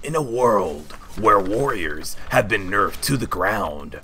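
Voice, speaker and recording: A man doing a slow dramatic trailer announcer. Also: fairly low pitch, lively intonation, pushed and bright, a little hiss or hum, exaggerated voice. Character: booming male movie trailer announcer.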